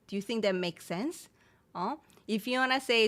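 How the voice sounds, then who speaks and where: A woman teaching a live-streamed language lesson, explaining in English and quickly modeling Korean phrases while reading viewer comments and laughing easily. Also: a little high, pushed and bright, clear, resonant tone.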